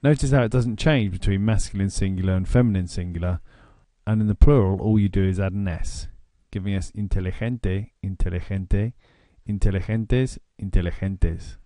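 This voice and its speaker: A man with an English accent narrating a grammar lesson, explaining slowly and deliberately. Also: on the low side, mellow, dry recording, studio quality. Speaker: language teacher.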